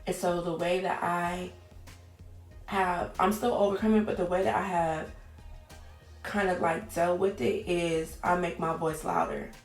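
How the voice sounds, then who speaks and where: A woman's voice: fairly low pitch, little pitch movement, unhurried. A woman, candidly chatting to camera in a casual vlog, swearing now and then. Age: 20s. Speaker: vlogger. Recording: echoey room with faint music.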